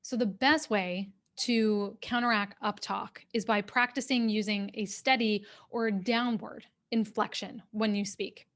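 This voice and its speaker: A woman executive coach giving a workshop talk over a video call, speaking in a clear, steady, instructive way. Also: medium pitch, unhurried, hardly any pauses. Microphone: webcam on a video call.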